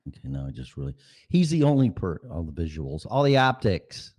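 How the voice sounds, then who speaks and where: A man's voice: deep voice, sing-song, fairly quick, darkish tone. A middle-aged man hosting his own podcast at home, talking in a profane, rambling rant. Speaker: podcast host. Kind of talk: casual rambling monologue. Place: apartment at home. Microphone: studio mic with headphones.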